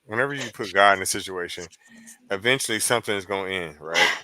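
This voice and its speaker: A man's voice: low voice, fast, pushed and bright, no echo, poor audio. A man co-hosting a casual live stream, laid-back and wry, swearing freely. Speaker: co-host.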